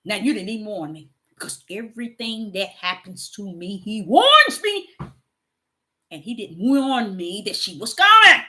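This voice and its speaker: A middle-aged woman preaching a sermon, moving from hushed storytelling to loud, emphatic exhortation. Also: medium pitch, lively intonation, normal speed.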